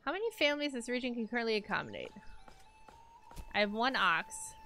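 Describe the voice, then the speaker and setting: A young woman streaming a game, chatting casually to her viewers, self-mocking and repeating words in quick loops. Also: on the high side, big pitch swings, bright, forceful tone, faint music behind. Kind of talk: casual gameplay commentary.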